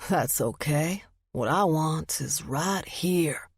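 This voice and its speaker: A woman voicing a charming, flirty southern gentleman with a deep voice and a slow, teasing drawl. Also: animated, breathy edge, no echo, clean studio sound, full character voice. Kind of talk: audiobook narration.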